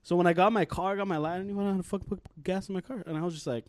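A man's voice: high voice, fairly even intonation, very fast, a little mellow, no echo. A man co-hosting a podcast, telling a story in casual chat and swearing freely. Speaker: podcast co-host.

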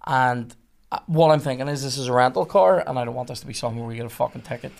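A man's voice: medium pitch, rapid-fire, gravelly. A young man, a podcast guest telling a swear-heavy story and acting out the other people in it. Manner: animated, swearing, acts out others' lines. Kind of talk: casual storytelling.

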